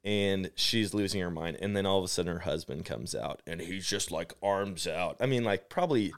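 A man with a very low, deep voice tells a story on a podcast mic, chatty and animated. He leans on "like" as a filler and keeps the telling casual. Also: normal speed. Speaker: podcast host.

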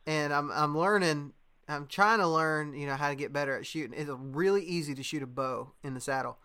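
A man's voice: fairly high pitch, brisk, bright, forceful tone, clean tone. A young man in casual chat, a podcast host telling a story in a laid-back way, with lots of fillers and laughter.

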